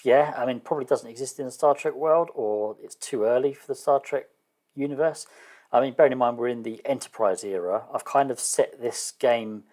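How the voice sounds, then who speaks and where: A man's voice: medium pitch, darkish tone. Hesitant man thinking aloud. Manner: hesitant, many fillers and restarts; self-deprecating, unsure of terms. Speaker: solo tabletop game player. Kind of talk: casual thinking-aloud explanation.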